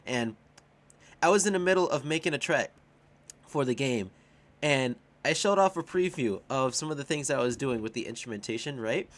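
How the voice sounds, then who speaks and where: A young man chatting on a casual livestream. He is excitable and swears a lot, laughs often and shouts at his chat. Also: mid-range voice, moderate pace. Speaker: streamer and music composer.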